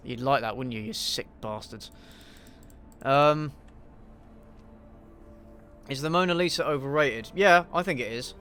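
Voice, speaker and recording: A man's voice: medium pitch, a little slow, pauses often, a bit bright, soft background music. A man hosting a casual livestream Q&A while playing a game, blunt and sweary, with frequent ums and restarts. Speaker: YouTube channel host answering viewer questions.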